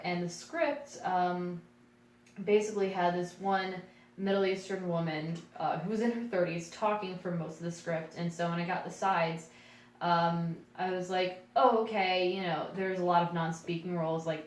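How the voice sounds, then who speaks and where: A young adult woman, a podcast co-host and actress, telling a casual story in a self-deprecating, animated way and laughing often. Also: lowish voice. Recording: echoey room, voice far from mic, faint noise.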